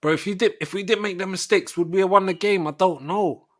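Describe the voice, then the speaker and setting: A man's voice: sits high, fast, dry recording, studio quality. A young man hosting a live football reaction stream, talking in rambling, slang-heavy banter. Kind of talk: casual football reaction chat.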